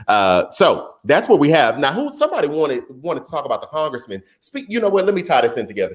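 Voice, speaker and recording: Animated, low-voiced man live-streaming commentary. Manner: animated, excitable, jumps into high voice. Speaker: live-stream host reading chat. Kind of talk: casual political commentary.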